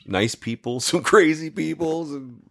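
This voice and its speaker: A man's voice: on the high side, a little slow, creaky. A man as a podcast guest, telling rambling, salty anecdotes in a casual way with plenty of fillers and restarts.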